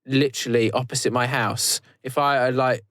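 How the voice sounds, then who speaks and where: A man hosts a podcast in loose, chatty talk, stumbling over restarts as he goes. His voice sits at a middle pitch and the sound is dry and close. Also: steady tone, normal speed, a bit bright, dry recording. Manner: rambling, loose, with many restarts. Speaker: podcast host. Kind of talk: casual chat.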